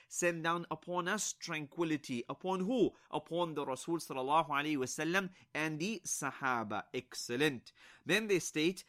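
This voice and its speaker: A man teaching an Arabic grammar lesson in English. He speaks slowly and deliberately, repeats each example, and mixes Arabic words and religious phrases into his explanations. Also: on the high side, a bit bright.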